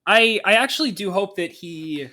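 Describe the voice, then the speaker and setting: A man hosting a podcast, chatting casually in an excitable, rambling way. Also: high-pitched. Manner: excitable, rambling, quick to laugh. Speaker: podcast host.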